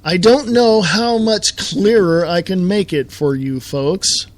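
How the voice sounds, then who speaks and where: Guy ranting about politics on his live show, high pitched, dry, sarcastic and fired up. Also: slow pace, dry recording. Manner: heated, sarcastic, rhetorical questions. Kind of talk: political rant monologue.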